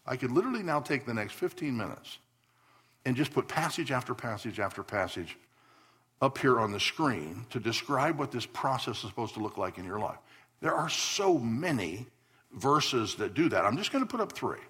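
A male pastor preaching a sermon, swinging between loud emphatic declarations and soft asides. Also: mid-range voice, big pitch swings, moderate pace, husky. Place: church sanctuary.

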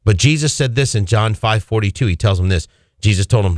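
A male radio preacher delivering a sermon, swinging his pitch and emphasis suddenly. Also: big pitch swings, normal speed, dry recording, clean studio sound.

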